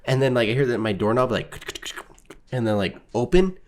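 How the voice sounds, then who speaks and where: A young man co-hosting a casual podcast. He tells a story in a relaxed way and chimes in with short agreements. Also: mid-range voice, normal speed. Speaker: podcast co-host. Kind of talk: casual chat.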